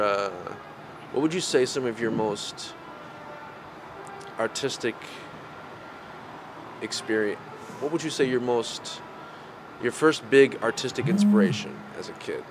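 A man's voice: mid-range voice, expressive, slow, long pauses. A man hosting a podcast in casual conversation, rambling and laughing often, with lots of fillers. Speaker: podcast host. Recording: noisy background recording.

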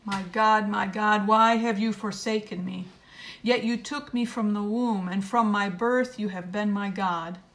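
A woman reads scripture in a measured, solemn liturgical style. Her pitch sits in the middle of the range for a woman, and her delivery stays steady and unhurried. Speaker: scripture reader. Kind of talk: liturgical reading.

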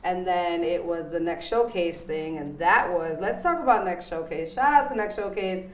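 A woman hosting a casual interview show, lively and playful, laughing often as she talks. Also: on the low side, moderate pace. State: married. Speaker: host. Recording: echoey room.

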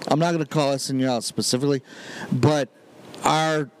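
A man's voice: medium pitch, fairly even intonation, brisk. A man co-hosting a casual podcast, earnest and insistent in his views, laughing easily while talking in a moving vehicle. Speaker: podcast co-host. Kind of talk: casual chat. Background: road noise.

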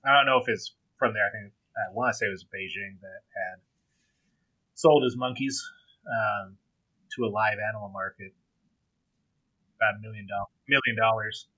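Man, podcast co-host, low bright voice, dry close sound, hesitant with lots of ums. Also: steady tone, normal speed, pauses often, dry recording, rough recording. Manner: hesitant, full of ums and trailing asides. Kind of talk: casual chat.

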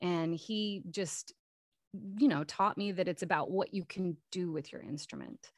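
A woman voice actor chatting casually in an interview, telling stories in a lively way. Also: on the low side, unhurried, slight background noise. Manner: chatty and storytelling. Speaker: voice actor guest.

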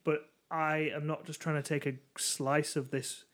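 A man's voice: fairly high pitch, flat delivery, a little slow. A man co-hosting a podcast, summing up in a rambling, reflective casual chat. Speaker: podcast co-host.

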